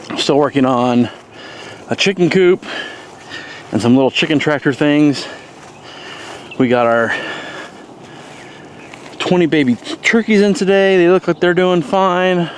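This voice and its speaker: There's slight background noise as a homesteader vlogger with a mid-range voice strolls outside, showing off his garden and animals. His commentary is casual and rambling, thick with fillers, and he keeps hiccuping.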